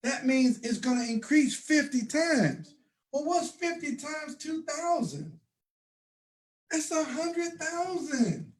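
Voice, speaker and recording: A man giving a motivational sales talk to an audience, emphatic and preacher-like, with bursts of shouting and slow, stressed phrases. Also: extremely high pitch, sing-song. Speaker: presenter.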